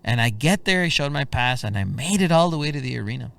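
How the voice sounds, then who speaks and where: A man who is a singer-songwriter, a guest telling lively anecdotes in a casual interview and peppering them with "bro". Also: medium pitch, fast talker, gravelly, dry recording. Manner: animated anecdotes, keeps saying "bro". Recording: dry voice, far from the mic.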